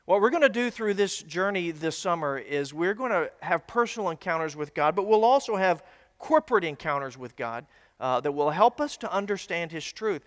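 A man's voice: high-pitched, animated, moderate pace. A man preaching a teaching sermon to a congregation in a conversational, folksy way with little asides. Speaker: pastor. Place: church sanctuary. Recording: long hall reverb.

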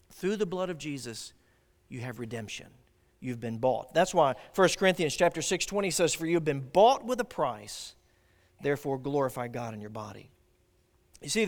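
A man preaching a sermon as pastor, swinging from loud declarations to hushed asides. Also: on the high side, long reverb tail.

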